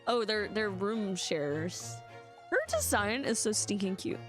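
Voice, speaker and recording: A woman streams a video game with game music in the background, chatting casually, rambling, and giggling a lot. Her mid-range voice is expressive and unhurried.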